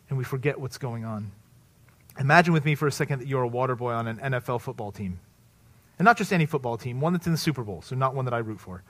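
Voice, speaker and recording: Male pastor, fairly high voice, conversational sermon delivery with big loud-to-soft swings. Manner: conversational preaching, rising loud for emphasis and dropping low and soft; tags points with "right?".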